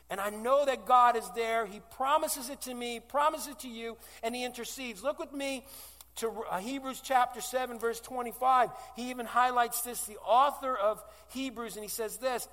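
A man in his forties preaching a sermon as pastor, moving from loud declarations to hushed pleas. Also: very high voice, measured pace, big-room sound. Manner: impassioned, swinging from loud declarations to hushed, tearful-sounding pleas.

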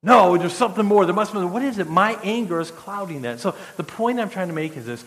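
A man's voice: high voice, expressive, fairly quick, a bit bright. Male pastor, standing, chatty sermon delivery with restarts; long hall reverb. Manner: conversational, repeats words when restarting. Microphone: standing while speaking.

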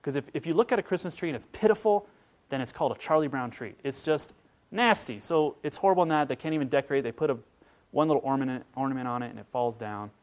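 A man preaching a sermon as pastor, telling a story with animated voices for its characters. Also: mid-range voice, fast talker.

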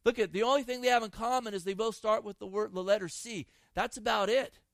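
A man's voice: sits high, steady tone, quick pace, creaky, a bit bright, no room sound. A man preaching a sermon, emphatic and repeating phrases for stress. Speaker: pastor.

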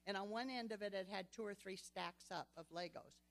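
A woman's voice: medium pitch, fairly quick. An older woman teaching a Bible study, earnest and telling stories with quoted dialogue.

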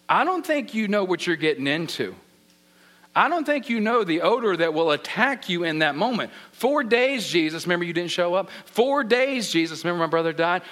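A man's voice: high-pitched, a bit bright. A man voicing a grieving woman who pleads and complains to a friend who came too late. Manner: pleading, exasperated. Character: grieving, frustrated woman, sister of the dead man.

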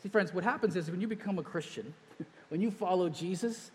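Male pastor, earnest sermon delivery, higher pitch, long church reverb. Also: darkish tone, slight background noise. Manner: earnest preaching with pauses and restarts. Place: church sanctuary.

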